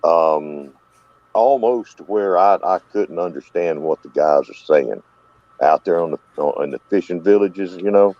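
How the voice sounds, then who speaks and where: A man's voice: low-pitched, measured pace. A man with a Southern US accent hosting a casual live-stream chat, telling rambling stories. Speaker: host. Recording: dull lo-fi dry sound.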